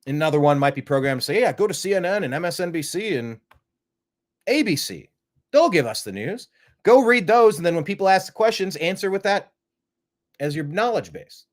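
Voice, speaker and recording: A man's voice: sits high, expressive, a little fast. A man hosting a live-streamed talk show, rambling through opinionated commentary and throwing out rhetorical questions. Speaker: host.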